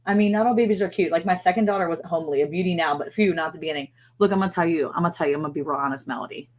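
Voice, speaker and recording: Middle-aged woman, livestream host. Slightly low voice, chatty and gushing, animated storyteller. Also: very fast. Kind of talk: casual livestream chat.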